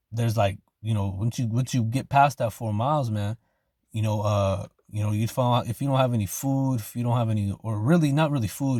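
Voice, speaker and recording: A man preaching in loose street slang, his voice sitting low and close with almost no room around it. He keeps dropping "man" and "okay" between thoughts. When he reads scripture, he slows down and leans in loud. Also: dry recording. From Arizona, United States. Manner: reads scripture slowly and loudly. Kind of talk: informal sermon with scripture reading.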